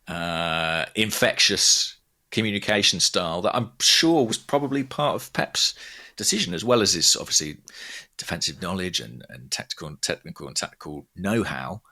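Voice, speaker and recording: A podcast co-host from England, a man in his thirties, speaks in a low, animated, sharp-toned voice at a moderate pace. He chats casually, emphatic and thinking out loud.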